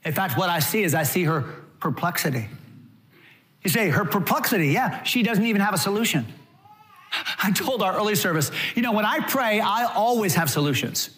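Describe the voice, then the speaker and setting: A male pastor preaching a sermon in an animated way, acting out quotes as he goes. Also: high voice, normal speed.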